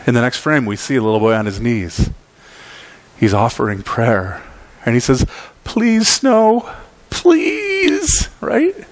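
A man's voice: lowish voice, fairly even intonation, normal speed, pauses often. A male pastor preaching a sermon, telling a story with emphatic repeats.

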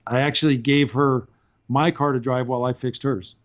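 A man's voice: mid-range voice, steady tone, moderate pace, muffled recording. A man, a podcast guest, telling casual stories and laughing through his anecdotes. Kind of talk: casual storytelling.

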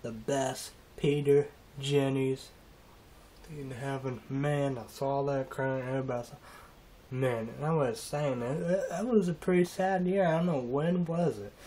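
A man rambling through a halting, emotional monologue in a casual vlog, trailing off and restarting often. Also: medium pitch, steady tone, warm tone. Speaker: vlogger.

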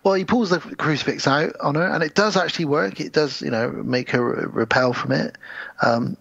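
A man co-hosting a casual film review podcast, retelling scenes in an animated way and quoting characters in put-on voices. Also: a little high, normal speed, vocal fry, husky, no room sound, dull audio. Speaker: podcast co-host.

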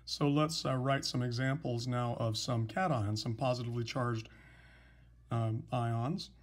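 A man teaching a recorded chemistry lesson, explaining patiently and slowly with some fillers. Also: mid-range voice. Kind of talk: recorded lecture, writing examples.

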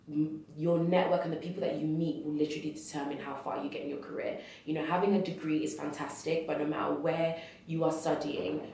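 A woman's voice: deep voice, vocal fry, a little mellow, slight background noise. Thoughtful young woman in echoey room. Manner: thoughtful, measured, frequent fillers. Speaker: interviewee. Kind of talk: reflective interview answer. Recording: echoey room, distant mic.

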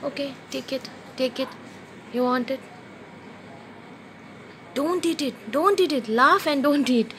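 A woman's voice: sits high, unhurried, long pauses, a little hiss or hum. A woman talking baby talk to a baby at home, coaxing and playful with sing-song questions, recorded on a phone.

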